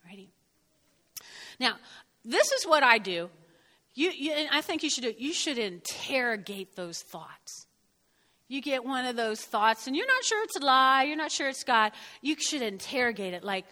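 High, bright-voiced woman pastor preaching. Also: normal speed. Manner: lively, joking, emphatic preaching. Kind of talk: sermon. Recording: long hall reverb.

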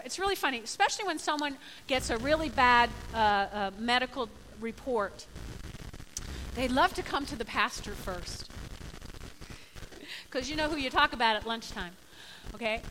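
A woman's voice: sits high, bright, forceful tone, a little hiss or hum, rough recording. A woman pastor giving a sermon in an emphatic, conversational way, acting out the people she quotes.

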